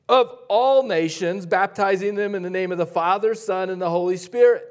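High-voiced energetic male pastor. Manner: energetic, conversational preaching with sudden loud and soft swings. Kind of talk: sermon.

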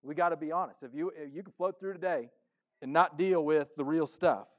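A male pastor preaches conversationally and playfully, acting out what his congregation is thinking. His brisk, high-ish voice swings between loud emphasis and soft asides.

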